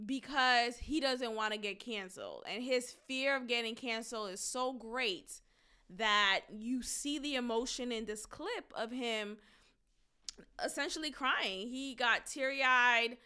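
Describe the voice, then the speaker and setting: Slow, bright-voiced woman podcast host. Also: on the high side, clear, resonant tone. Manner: emphatic, drawn-out, deliberate phrasing. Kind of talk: solo commentary podcast.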